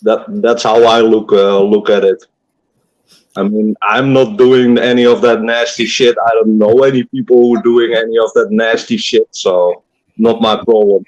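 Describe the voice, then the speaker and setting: A man's voice: fairly low pitch, steady tone, moderate pace, a little mellow, muffled recording. A young adult man in a casual online group chat, blunt and swearing freely.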